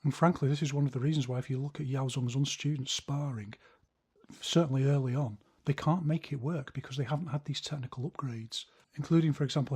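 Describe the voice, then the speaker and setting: A man's voice: medium pitch, fast, a little mellow, breathy edge. A man teaching a martial arts lesson, explaining technique and counting punches aloud as he demonstrates.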